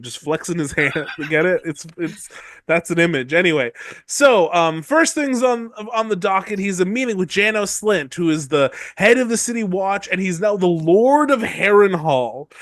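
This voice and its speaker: A man co-hosting a podcast, recapping a book chapter in a jokey, animated way and slipping into quick voices for the characters. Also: sits high, dry recording, studio quality. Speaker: podcast co-host.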